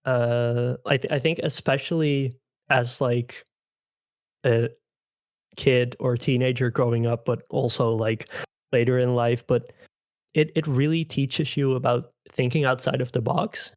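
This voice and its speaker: A man's voice: medium pitch, fairly even intonation, unhurried, no echo, studio quality. A young man chatting on a podcast as returning guest host, rambling with many fillers. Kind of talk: casual podcast chat.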